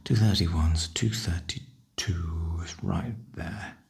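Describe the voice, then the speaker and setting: An older man, softly half-whispering a wry, chatty ASMR ramble. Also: low-pitched, slow, gravelly, breathy edge. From northern UK. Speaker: ASMR host.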